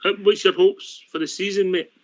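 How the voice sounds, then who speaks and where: A man's voice: sits high, steady tone, moderate pace. A Scottish man hosting a football phone-in show, jokey and teasing his callers. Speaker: host. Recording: dull lo-fi line.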